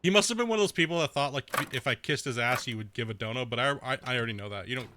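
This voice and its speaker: A man's voice: medium pitch, very fast, pushed and bright, slight background noise. A young man streaming a video game in casual chat, trash-talking with heavy profanity, laughing often and rambling with filler words.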